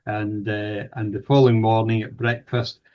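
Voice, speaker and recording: A man's voice: lowish voice, little pitch movement, moderate pace. An older man from Scotland with a Scottish accent, a guest recounting a personal anecdote in conversation, with hesitant fillers and restarts as he goes. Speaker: guest, paranormal researcher. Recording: dull lo-fi audio.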